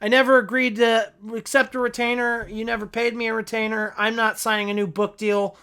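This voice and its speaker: A podcast host mimicking a male movie hero's emotionless, monotone line delivery. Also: mid-range voice, brisk, smooth, lightly acted. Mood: flat.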